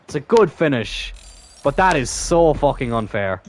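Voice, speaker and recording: A man's voice: mid-range voice, very animated, moderate pace. Young man, gaming commentary, exasperated, constant swearing, mid-range voice. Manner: swears constantly, exasperated outbursts then muttering. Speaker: gaming channel host. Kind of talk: live gameplay commentary.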